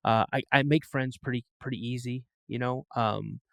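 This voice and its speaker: A man as a podcast guest, telling a story in a casual, animated way and acting out the voices of the people he quotes. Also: mid-range voice, normal speed, creaky, no echo.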